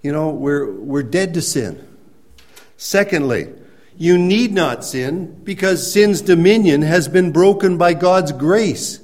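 A man preaching a sermon, explaining scripture in a conversational way and rising to emphatic, near-shouted points. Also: a little high, lively intonation, takes it slowly. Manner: conversational with restarts and everyday examples. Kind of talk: sermon teaching.

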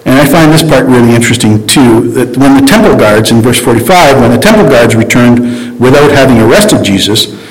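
A Bible study teacher gives an informal lesson in an average-pitched voice, animated and brisk. He talks loosely and conversationally but hesitantly, often stopping to correct himself and start over. A long reverb makes it sound like a large hall.

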